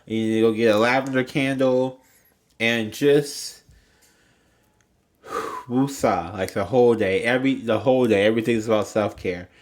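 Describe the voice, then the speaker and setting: A man's voice: mid-range voice, fairly even intonation, brisk. A man reading tarot cards on a livestream in a casual, rambling way, repeating himself and stumbling a little, his throat catching. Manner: rambling, repetitive, chatty with small stumbles. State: throat catching, slightly choked. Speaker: tarot reader.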